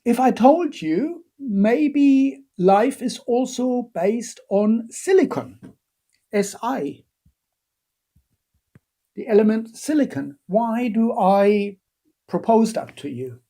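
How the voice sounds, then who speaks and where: Slow, mellow-voiced male lecturer. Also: very high voice, animated. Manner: hesitant, many fillers, playful asides. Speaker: university biochemistry lecturer. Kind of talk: live-streamed online lecture, answering chat.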